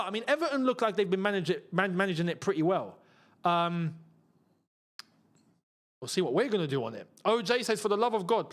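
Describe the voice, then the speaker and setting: A young man hosting a live football watchalong, chatting and reading out viewer comments. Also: high-pitched. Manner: chatty, reads out viewer comments, bursts into emotional shouts. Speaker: football channel host.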